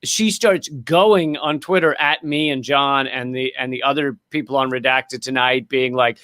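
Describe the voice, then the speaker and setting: A man who is a guest comedian, telling stories quickly and loosely in a casual chat. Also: a little high, lively intonation, fairly bright tone, no room sound, clean studio sound. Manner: rapid, storytelling, loose.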